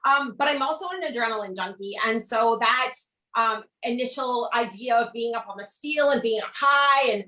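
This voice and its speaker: A woman's voice: a little high, moderate pace, bright, forceful tone. A woman ironworker who is a guest on a video-call interview, talking enthusiastically and laughing often. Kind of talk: casual interview over video. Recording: roomy echo.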